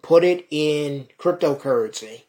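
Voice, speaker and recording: A young man hosting a solo podcast, talking fast and heatedly, swearing and repeating "folks" as he rants. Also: fairly high pitch, expressive, a little mellow. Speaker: podcast host.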